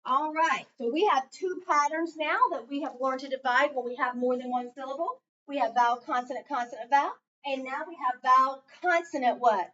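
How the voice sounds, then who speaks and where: A woman's voice: high-pitched, fairly quick, hardly any pauses, bright, forceful tone. A woman teaching a small group of children to read, patiently leading call-and-response drills in a classroom. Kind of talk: classroom reading lesson. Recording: distant, muffled classroom recording.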